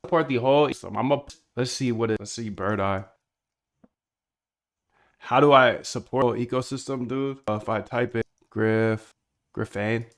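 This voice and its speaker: A man live streaming while he builds software, chatting in a rambling, slangy way and reacting to his chat. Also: medium pitch, normal speed.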